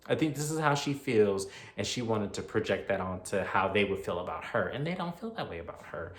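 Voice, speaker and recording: A man giving a casual movie review, retelling the plot in an animated, opinionated, slangy way. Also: fairly low pitch, a little fast. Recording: roomy echo.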